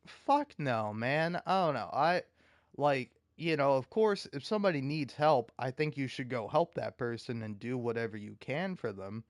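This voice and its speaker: A man's voice: medium pitch, no echo, studio quality. A man ranting in casual commentary, heated and profane, often stumbling and restarting his sentences. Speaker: video commentator.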